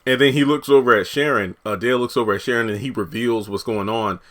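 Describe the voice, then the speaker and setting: Animated man reviewing a TV episode. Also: medium pitch, fast talker. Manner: animated, acts out character lines, laughs often. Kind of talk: casual spoken commentary.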